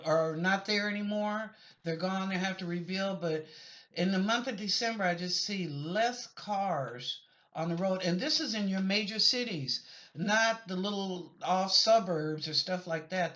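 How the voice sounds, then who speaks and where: A bright, forceful-voiced woman chats her way through psychic predictions for viewers. She wanders and apologizes as she goes, and the recording sounds muffled and lo-fi. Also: medium pitch. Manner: chatty, rambling, apologetic asides. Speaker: psychic reader answering viewer questions. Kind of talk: casual spoken reading of questions. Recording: lo-fi dull recording.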